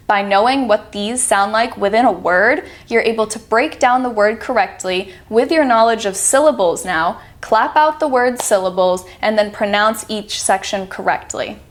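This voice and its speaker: A woman's voice: medium pitch, normal speed, hardly any pauses. A woman teaching a reduction lesson, patiently demonstrating sounds and drawing out example words. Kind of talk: instructional video lesson.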